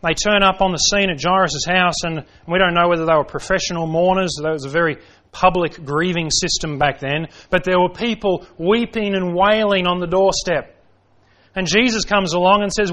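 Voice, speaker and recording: A man's voice: sits high, moderate pace, bright, forceful tone. A man preaching an evening sermon in a dramatic style, full of rhetorical questions, who acts out the voices he quotes. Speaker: pastor.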